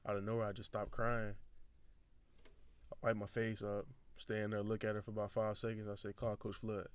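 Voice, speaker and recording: A young man, a football recruit guest on a podcast, telling his story in a relaxed, rambling way with frequent restarts. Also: lowish voice, a little fast, clear, resonant tone, no room sound. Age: young adult. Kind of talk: casual storytelling.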